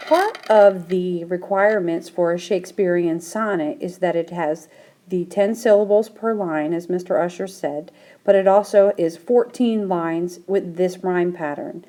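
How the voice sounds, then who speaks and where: A woman's voice: lowish voice, unhurried, dark tone. A female teacher explaining the form of a sonnet, checking in with her listeners as she goes. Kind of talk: classroom explanation.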